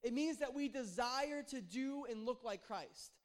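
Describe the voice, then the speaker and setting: A young adult man, a pastor, preaching a conversational sermon, joking and telling animated stories. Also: extremely high pitch, unhurried.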